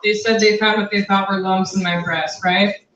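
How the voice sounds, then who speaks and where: A woman's voice: mid-range voice, steady tone, normal speed, fairly bright tone, slight background noise. Young woman doing crude standup, far off mic in an echoey bar, muffled sound, crowd laughing. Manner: brash, crude, conversational punchlines. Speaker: stand-up comic. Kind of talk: stand-up set. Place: basement bar stage. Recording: roomy, distant, dull, crowd laughter.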